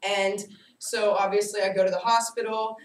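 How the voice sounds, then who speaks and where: A woman's voice: mid-range voice, moderate pace. Young woman telling stories in an echoey room. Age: young adult. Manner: animated, self-mocking storytelling. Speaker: student giving a speech. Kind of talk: personal storytelling speech. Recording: echoey room, distant mic, faint hiss.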